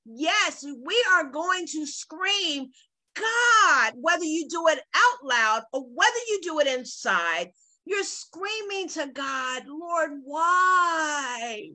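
A woman's voice: sits high, very animated, takes it slowly, sharp tone, rough recording. A woman hosting a live online book talk, emphatic and affirming as she introduces authors.

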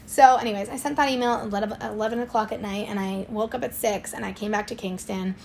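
A young woman, telling a lively story in a casual podcast chat. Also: medium pitch, gravelly, a little hiss or hum. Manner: animated storytelling, quick swings in loudness. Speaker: swim school owner, guest.

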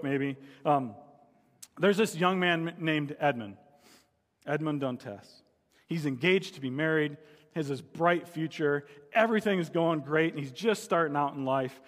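Pastor preaching in a reverberant hall. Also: male voice, a little high. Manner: storytelling, rising to dramatic cries in quoted pleas. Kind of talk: sermon.

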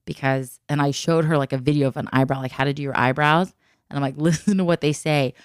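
A woman with a notably low voice chats and tells stories with plenty of laughter, acting out everyone she quotes. Her sound is dry and close, with no room around it. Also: steady tone, fast, clear, resonant tone, no echo. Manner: chatty storyteller, laughs often, acts out quotes. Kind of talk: casual chat.

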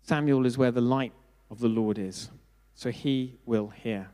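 Middle-aged preacher in a reverberant hall. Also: male voice, medium pitch, unhurried, mellow. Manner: conversational, self-deprecating, asks the congregation questions. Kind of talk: sermon.

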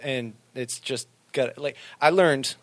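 A man co-hosting a casual group chat, animated and swearing, with sudden loud bursts when he gets excited. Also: mid-range voice, slow, no room sound. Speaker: podcast co-host and rapper.

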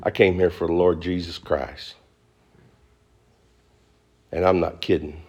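A middle-aged male pastor preaching a sermon to a congregation, fast and folksy, rising into high emphatic bursts. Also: fairly even intonation, a little mellow, husky, dull audio. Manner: fast-talking, folksy with y'all and ain't. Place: church before a congregation.

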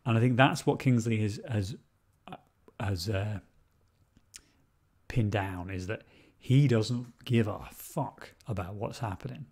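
A man's voice: fairly low pitch, unhurried, darkish tone, slightly rough. A man co-hosting a podcast, talking casually about a film, repeating words and swearing freely. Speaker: podcast co-host.

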